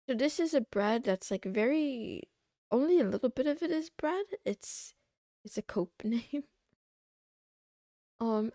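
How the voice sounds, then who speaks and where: A young woman streaming, chatting casually and rambling as she browses, thinking out loud and trailing off. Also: on the high side, vocal fry, no room sound, studio quality. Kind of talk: casual livestream chat.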